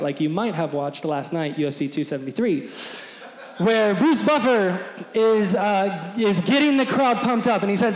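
Man, pastor, sermon, high voice, lively acted-out crowd voices, roomy echo. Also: normal speed. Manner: animated, acts out crowd voices. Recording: echoey hall with long reverb.

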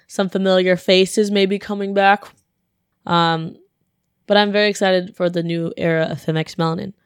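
A young adult woman hosting her podcast, telling a story casually and lively, acting out the people she quotes and laughing often. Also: mid-range voice, smooth, no echo, studio quality. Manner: animated, acts out quoted voices, laughs often. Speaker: podcast host.

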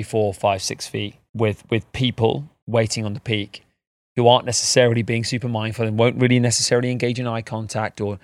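A man co-hosting a podcast in casual chat, talking in an animated, rambling way and swearing now and then. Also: medium pitch, dry recording. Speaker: podcast co-host.

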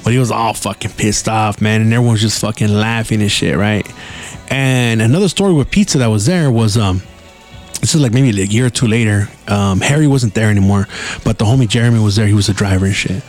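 A man's voice: on the low side, brisk, darkish tone, soft background music. A man hosting a podcast, telling rambling stories with heavy swearing and laid-back slang. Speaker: podcast host. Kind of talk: casual storytelling.

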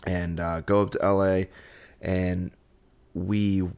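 A man's voice: low-pitched, flat delivery, slow pace, a little mellow, clean tone. A man telling a story in a casual, rambling way, with lots of fillers and laughter. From Southern California.

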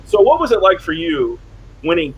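Lively, husky male interview host. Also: moderate pace, low-quality recording. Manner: animated storyteller, acts out quotes in high voices. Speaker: podcast host, former player. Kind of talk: casual interview.

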